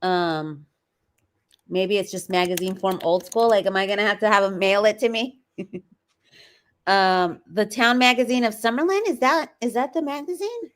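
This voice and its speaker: A woman's voice: medium pitch, normal speed. A woman co-hosting a casual livestream, chatty and addressing viewers as y'all while reading filings aloud. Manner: chatty, says y'all, reads letters aloud.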